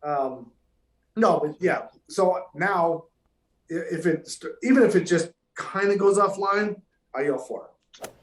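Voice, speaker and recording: A high-pitched man tells a story in loose, profane, animated podcast talk. His voice rings a little in a roomy space. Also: unhurried. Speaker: pro golfer guest. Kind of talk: casual podcast chat.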